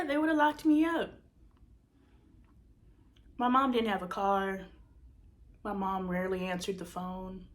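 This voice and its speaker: A woman podcast host telling an emotional personal story, candid and profane, moving from emphatic bursts to hushed near-whispers. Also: mid-range voice.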